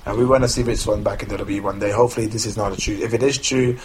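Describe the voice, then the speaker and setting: A man co-hosting a casual podcast, relaxed and rambling, often laughing as he recaps news. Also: on the low side, racing. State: has a toothache. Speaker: podcast co-host. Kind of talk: casual chat. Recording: noisy home recording with clicks.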